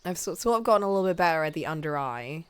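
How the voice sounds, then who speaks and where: A woman's voice: deep voice, lively intonation, very fast, smooth. Sick girl drawing on stream, coughy, chatty, laughs at herself a lot. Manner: chatty, self-deprecating, laughs often. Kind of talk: casual chat while drawing.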